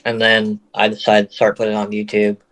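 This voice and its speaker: A man's voice: on the low side, monotone, brisk, fairly bright tone, poor audio. A man talking as a guest on a casual podcast, plain and hesitant with many fillers. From Oregon.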